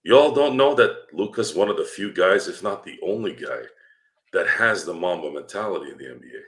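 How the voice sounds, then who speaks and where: Guesting on a fan podcast, this man speaks in a low, animated, brisk voice with a fairly bright tone. The chat is casual, but he gets heated, asking rhetorical questions and cursing without restraint.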